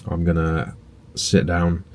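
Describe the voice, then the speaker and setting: Young guy vlogging, low voice, pretty monotone, loose and rambly. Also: slow pace, slight background noise. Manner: relaxed, rambling, with frequent fillers and mild swearing. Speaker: bodybuilding vlogger and personal trainer. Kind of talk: casual vlog chat to camera. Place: indoors at home and in a parked car.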